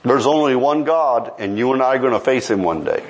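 A man's voice: medium pitch, a little fast. A man preaching a sermon, telling a story and pressing the listeners with rhetorical questions. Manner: animated, rhetorical questions, pleading.

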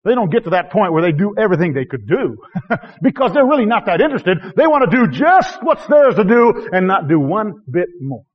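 High-voiced preacher man, lo-fi sermon. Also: a little fast. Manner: animated, swinging from shouting to hushed tones, chuckles often. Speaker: missionary preacher. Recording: dull lo-fi recording.

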